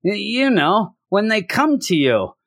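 Guy rambling about comics, jokey, acts out the characters, pitch jumping around, dry close sound. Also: gravelly, no echo. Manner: animated, jokey, acts out characters in quick voices. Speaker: comic book reviewer. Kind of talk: casual solo review chat.

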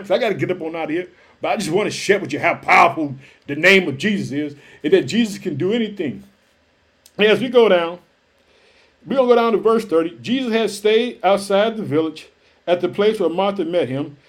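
Fired-up high-voiced male preacher. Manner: fervent, calls listeners family, shouts hallelujah. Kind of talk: sermon.

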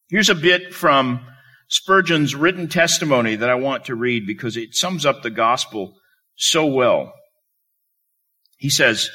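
A man's voice: on the high side, sharp tone. A man preaching a sermon, telling a story with emphatic delivery.

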